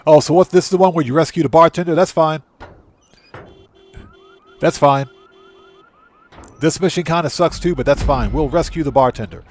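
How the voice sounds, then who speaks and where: A man's voice: fairly high pitch, normal speed, long pauses. A man casually commenting on a live stream as he plays a video game, laughing often and greeting his viewers.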